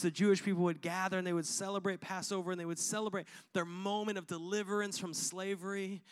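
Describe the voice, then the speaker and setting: A man's voice: high-pitched, fairly bright tone, smooth. A man preaching a sermon to his congregation, using repetition and call-and-response. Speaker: pastor.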